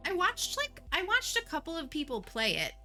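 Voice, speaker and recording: Bright-voiced woman streamer, gushing. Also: very high voice, huge pitch swings, moderate pace, soft background music. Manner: gushing, chatty, laughs often. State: emotional, near tears. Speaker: livestream host. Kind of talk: casual chat with viewers.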